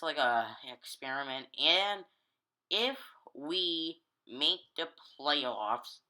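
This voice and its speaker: Slow, halting gaming commentator. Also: male voice, on the high side, sharp tone, rough recording. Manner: rambling, halting, self-correcting. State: tired, yawning. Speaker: gaming YouTuber. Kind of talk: casual game commentary.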